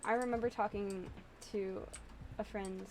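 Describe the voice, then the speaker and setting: A woman's voice: medium pitch, steady tone, measured pace, a little hiss or hum. A young woman from the US Midwest chatting casually and giggling with viewers on a live stream. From Illinois, US Midwest.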